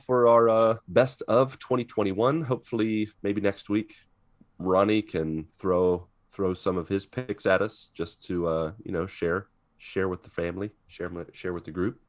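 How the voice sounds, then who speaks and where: This man has a very low voice and speaks in a dry, close setting with no room echo. As a podcast co-host he keeps things upbeat and jokey. He also handles the show's housekeeping. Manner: upbeat, jokey, wraps up the show. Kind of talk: casual chat.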